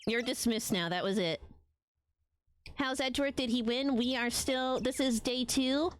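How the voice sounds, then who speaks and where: A woman's voice: on the high side, unhurried, a little hiss or hum. A young woman streamer chatting casually while playing a game, rambling with many ums. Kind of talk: casual let's-play commentary.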